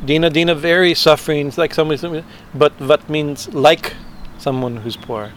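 Male scripture teacher, slightly high voice, hesitant, lots of fillers and tag questions, lecture style. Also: fairly even intonation, brisk, slight background noise.

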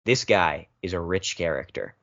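Podcast co-host, male, mid pitch, rambling wry delivery, dull lo-fi recording. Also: lively intonation, normal speed, creaky, a bit bright. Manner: rambling, filler-heavy, wry. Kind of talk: casual chat.

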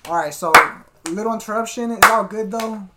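A man's voice: high voice, brisk, very noisy. A man hosting a casual podcast, telling stories in a laid-back, slangy way. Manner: slangy, laid-back, keeps saying "fool". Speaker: podcast host. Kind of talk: casual chat, storytelling.

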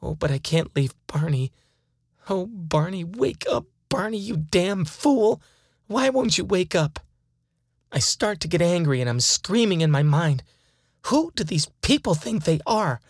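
A woman's voice: lowish voice, expressive, unhurried, a little mellow, slightly rough, no room sound, clean studio sound, exaggerated voice. A woman playing a frightened woman taken by aliens, her fearful pleading turning into angry defiance. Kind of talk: dramatized first-person account.

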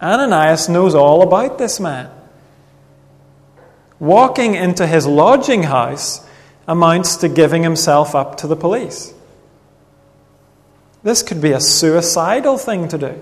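A man preaching a sermon in an earnest, measured way, reading Bible passages aloud. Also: a little high, lively intonation. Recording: long reverb of a hall.

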